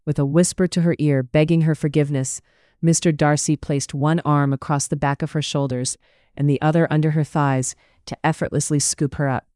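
Smooth, dry-sounding storybook narrator. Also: medium pitch, flat delivery, a little fast, a little mellow, no echo. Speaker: audiobook narrator.

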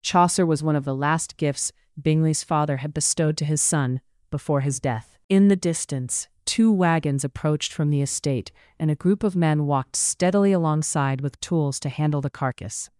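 A narrator telling a period novel in a measured, even manner. The voice is smooth and clear, and the recording is close and dry with no room echo. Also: mid-range voice. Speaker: audiobook narrator.

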